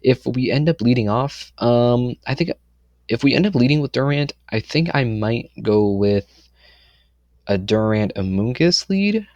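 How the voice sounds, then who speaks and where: A young man casually explaining his competitive team for a video, confident and rambling, with lots of "um"s and quick self-corrections. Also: medium pitch, expressive, darkish tone, no echo, muffled recording.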